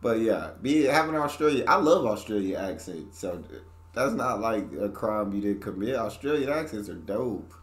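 A young man with a fairly low voice reacts casually, tossing out slang and loud exclamations. He sounds like he is in a roomy space with a noticeable echo. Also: lively intonation, normal speed. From United States. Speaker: reaction video host.

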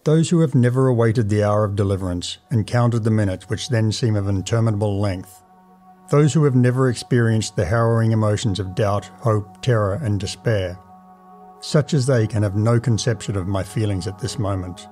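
Guy narrating an old story, mellow warm voice, slow dramatic reading, soft music underneath. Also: fairly low pitch. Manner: measured, dramatic first-person narration. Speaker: audiobook narrator. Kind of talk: storybook reading of a classic tale.

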